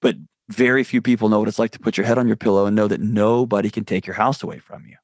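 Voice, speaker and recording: A man's voice: fairly low pitch, little pitch movement, fast talker, darkish tone, no room sound. A man speaking as a guest mental health expert, telling stories in an earnest, candid way. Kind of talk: conversational interview.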